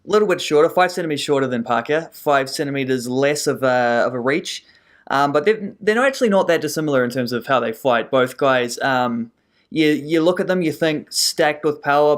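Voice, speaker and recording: A man, co-hosting a casual sports podcast and giving his take on a fight, thinking aloud with frequent ums and restarts. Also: on the high side. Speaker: co-host, sports pundit.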